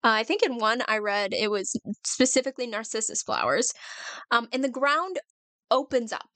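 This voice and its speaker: A woman's voice: a little high, lively intonation, normal speed, sharp tone, dry recording. A woman co-hosting a podcast, chatty and casual as she retells a myth, swearing and laughing often. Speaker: podcast co-host.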